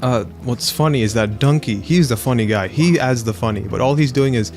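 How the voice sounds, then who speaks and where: A man hosting a let's play, chatting casually in a rambling, animated way and acting out quotes in silly voices. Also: medium pitch, brisk, hardly any pauses, faint music behind. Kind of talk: casual gaming chat.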